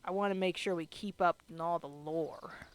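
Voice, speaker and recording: A woman hosting a let's play, chatting casually in an animated way about the game. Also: lowish voice, normal speed, clear, resonant tone, dry recording. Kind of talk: casual gameplay commentary.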